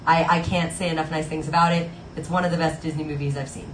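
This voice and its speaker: A woman's voice: sits low, flat delivery, fast, slight background noise. A woman live-streaming at the piano, chatting casually and gushing to her viewers between songs. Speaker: live-stream pianist and singer. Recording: roomy sound with loud piano.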